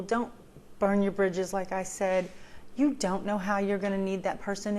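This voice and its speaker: A woman's voice: medium pitch, a little mellow. A woman in a heartfelt personal talk, sharing advice in an earnest, emotional way, with many ums and repeated phrases for emphasis. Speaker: vlogger sharing recovery advice.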